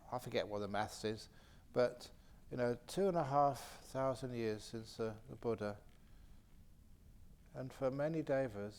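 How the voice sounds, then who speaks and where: A man, a Buddhist monk and meditation teacher, telling lively anecdotes with laughter during a retreat question-and-answer session. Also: medium pitch. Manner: animated anecdotal storytelling with frequent laughter. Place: meditation retreat centre hall.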